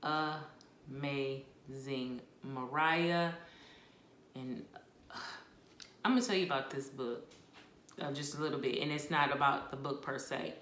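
Woman, book vlogger, casual chatty reviews, expressive, low voice, echoey room. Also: normal speed, long pauses. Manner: expressive, chatty, with laughs and asides.

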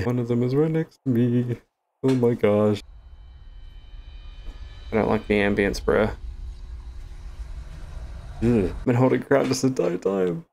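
A man's voice: medium pitch, slow pace, vocal fry, long pauses, mellow, slight background noise. A young Australian man with an Australian accent giving jittery, swearing gaming commentary as a streamer, with nervous laughter.

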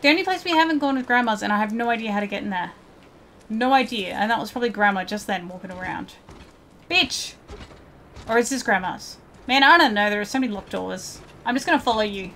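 A woman in a slightly high voice narrates her gameplay in a casual, chatty way to her viewers. She swears freely at the characters on screen. Game sound effects, including cat noises, come through clearly behind her. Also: expressive, quick pace, fairly bright tone, a little hiss or hum. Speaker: let's play gamer.

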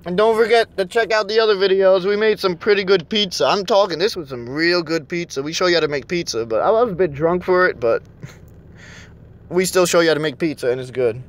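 A man's voice: high-pitched, fairly quick. A young man ranting and cursing nonstop while driving around and vlogging. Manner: angry, cursing constantly. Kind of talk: casual rant while driving. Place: in a car.

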